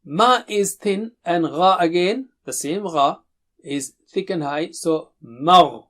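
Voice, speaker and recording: High-voiced man drilling Quran syllables. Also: lively intonation, fairly bright tone. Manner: slow emphatic drilling of syllables, stretched out. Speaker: Quran recitation teacher. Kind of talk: Tajweed lesson with repeat-after-me drills.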